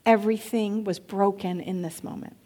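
A woman's voice: mid-range voice, fairly even intonation, normal speed, warm tone. A woman pastor giving a sermon, reading scripture and breaking into conversational, playful asides.

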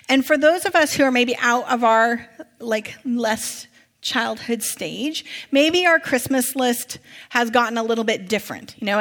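A woman's voice: a little high, fairly bright tone. A woman preacher giving a sermon in a church, reading scripture and breaking into casual, conversational asides. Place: church sanctuary. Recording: long reverb of a large hall.

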